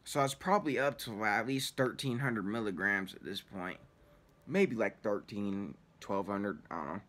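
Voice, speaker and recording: A man's voice: on the low side, moderate pace, a bit bright. A man telling a story casually, in rambling, profanity-heavy slang. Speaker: vlogger.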